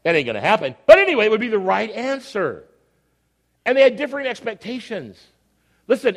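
Animated man preaching a conversational sermon. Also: high-pitched, long reverb tail. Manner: animated, conversational, acts out scenes.

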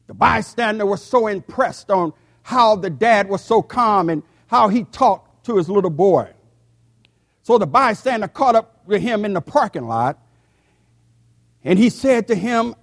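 An older man in his sixties preaching a sermon to a church, speaking slowly and deliberately and sometimes repeating words. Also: high voice, animated. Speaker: pastor.

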